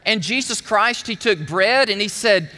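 A man preaching a sermon, telling the story with animated emphasis while showing objects. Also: sits high, a little slow, in a large hall.

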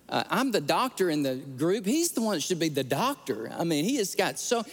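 Delivering a sermon with heartfelt emotion, a pastor recounts stories and circles back over his own phrases, his voice echoing through a hall with long reverb. He speaks briskly in a fairly high, sing-song tone.

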